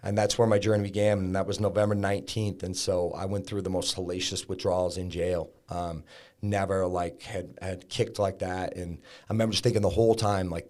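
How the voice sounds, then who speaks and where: A deep, low-pitched man speaks as a podcast guest. He tells his story candidly and casually, with plenty of likes and blunt language along the way. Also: steady tone, moderate pace, darkish tone. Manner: frank, conversational, peppered with likes and profanity. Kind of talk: candid storytelling about recovery.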